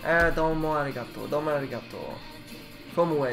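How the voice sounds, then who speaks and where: Man, rambling, swearing, slightly high voice, faint background music. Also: expressive, fairly quick. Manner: rambling, swears, mumbles while reading aloud. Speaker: vlogger. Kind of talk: casual self-taught language study.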